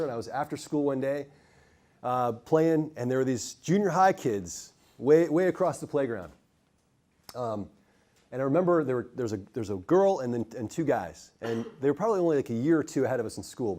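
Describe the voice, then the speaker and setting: A man giving a conversational sermon at a men's ministry night, telling a childhood story with many restarts and quiet dips. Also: mid-range voice. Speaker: speaker at a men's ministry event.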